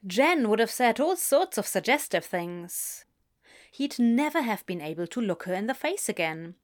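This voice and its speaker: A woman reading a story aloud as narrator, expressive and unhurried. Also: fairly high pitch. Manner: slow, expressive storytelling with lively inflection. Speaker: reader.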